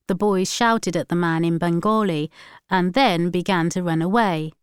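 A woman narrating a novel chapter in a measured, even reading. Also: fairly low pitch, smooth, no room sound, studio quality. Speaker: audiobook narrator. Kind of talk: scripted narration.

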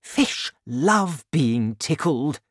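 A man voicing a kind village doctor over seventy for a storybook, who gets loud and worked up when outraged. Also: on the high side, drawn-out words, no echo, clean studio sound, pitched above the performer's own voice, exaggerated voice. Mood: kindly. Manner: excitable, raises voice when outraged.

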